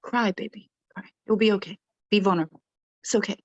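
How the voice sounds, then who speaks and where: A woman who is a military veteran, speaking on a round-table panel in an emphatic, animated way, acting out quotes and laughing often. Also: medium pitch, fast, lo-fi sound. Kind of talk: casual round-table chat.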